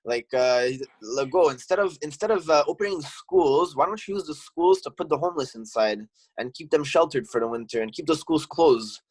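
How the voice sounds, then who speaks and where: A man's voice: on the high side, lively intonation, normal speed, hardly any pauses, darkish tone, husky, no echo, rough recording. A man, a gym owner talking as a podcast guest, heated and swearing, restarting his sentences. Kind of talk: casual chat.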